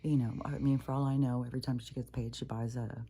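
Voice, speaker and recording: A woman's voice: rumbling low, level tone, quick pace, dark tone, a little hiss or hum. A woman talking in a casual, rambling monologue, blunt and profane, often restarting her sentences. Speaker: spiritual talk creator.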